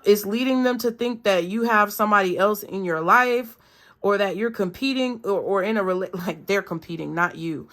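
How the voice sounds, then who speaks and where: A woman's voice: mid-range voice, fairly bright tone. A woman giving a casual collective tarot reading, thinking aloud in a chatty way with lots of fillers. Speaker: tarot reader.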